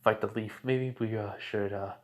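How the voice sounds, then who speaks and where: A man voicing a cautious adult male village leader who speaks haltingly, close to his own voice. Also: fairly low pitch, steady tone, natural voice. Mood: uneasy. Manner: hesitant, halting.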